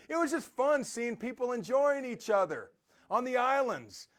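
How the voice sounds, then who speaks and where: Male host, motivational talk; high voice, very lively intonation, rambling anecdotes. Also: moderate pace. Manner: animated, rambling storyteller.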